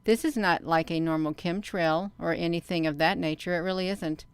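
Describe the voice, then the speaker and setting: A woman vlogger giving casual commentary on her own video, rambling and halting with many fillers and restarts, and talking straight to her viewers. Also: fairly low pitch, steady tone, smooth, dry recording. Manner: talks straight to viewers as "you all". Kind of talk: casual commentary while showing her own sky footage.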